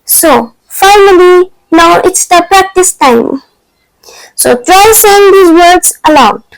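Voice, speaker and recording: Woman, language teacher, very high voice, slow careful delivery, repeats words for practice, dry close sound. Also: dry recording, poor audio. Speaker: French teacher. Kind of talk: scripted lesson narration.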